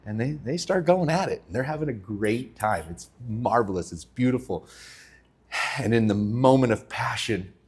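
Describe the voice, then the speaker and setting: A man hosts a casual chat. He tells stories with lots of energy and laughs often. His pitch rises and falls freely. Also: moderate pace, breathy edge. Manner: animated storyteller, laughs often. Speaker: podcast host. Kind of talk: casual chat with joke telling.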